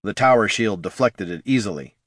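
A man narrating a fantasy audiobook in a steady, measured way. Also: fairly low pitch, no room sound, clean studio sound.

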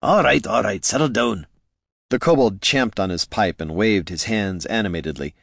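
A raspy little male kobold rattles off wisecracks and grievances, as a man puts him on. The voice sits higher than the narrator's, gravelly and lively in its swings. It is a storybook voice heard close and dry. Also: dry recording, heavily acted. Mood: indignant. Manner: rapid wisecracking street talk, defensive. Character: raspy fast-talking male kobold purse performer, touchy.

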